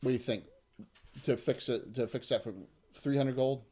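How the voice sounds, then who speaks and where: A middle-aged man acting as game master, explaining rulings in a relaxed, chatty way. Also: mid-range voice, normal speed, breathy edge. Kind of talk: running a tabletop game.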